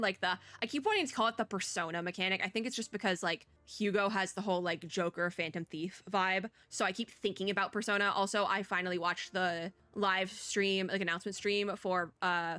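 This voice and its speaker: A woman's voice: mid-range voice, pushed and bright, dry recording. A young woman streamer chatting and joking while reading game dialogue aloud in a let's play. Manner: chatty, joking, laughs often. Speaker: VTuber streamer.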